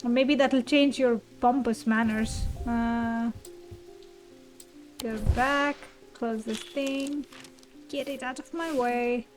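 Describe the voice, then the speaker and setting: Brief: woman gamer, high voice, unhurried, quietly thinking out loud over soft music. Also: steady tone, rough recording. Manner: thinks aloud, muses softly. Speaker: game streamer. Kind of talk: blind game playthrough commentary.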